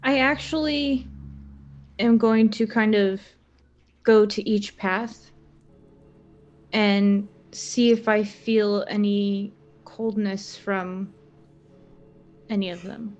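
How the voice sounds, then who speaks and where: A woman player in a tabletop game, speaking in a measured, deliberate way. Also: mid-range voice, fairly even intonation, a little mellow. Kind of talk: tabletop role-play chat. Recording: dull lo-fi mic with faint music.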